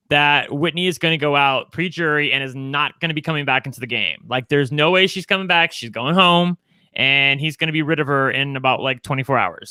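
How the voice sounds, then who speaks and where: A man's voice: on the high side, sharp tone, clear, resonant tone, dry recording. A man co-hosting a podcast, chatting casually and bluntly with plenty of profanity and filler "like"s. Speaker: podcast co-host. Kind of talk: casual recap chat.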